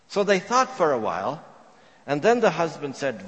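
A man's voice: fairly high pitch, wildly swooping pitch, normal speed. Earnest male preacher in an echoing hall. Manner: earnest storytelling, drops to a hush for quoted prayers. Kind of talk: sermon. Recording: long reverb of a large hall.

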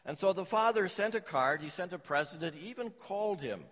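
A man's voice: sits high, animated, brisk, fairly bright tone, long reverb tail. A man preaching a sermon, telling stories and jokes to his congregation. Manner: storytelling with jokes and anecdotes. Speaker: pastor.

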